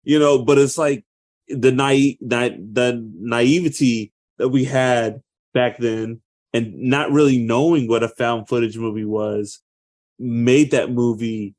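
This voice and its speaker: Casting: thirties man, podcast co-host, lively storyteller, middle-range voice. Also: mid-range voice, slow pace. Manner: animated, acts out movie quotes with loud outbursts. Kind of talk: casual chat.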